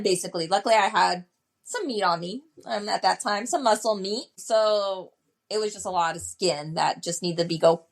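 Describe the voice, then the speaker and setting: A woman guest on a podcast, telling a story in a casual, animated way and acting out what other people said. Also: mid-range voice, normal speed. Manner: animated, acts out quoted voices.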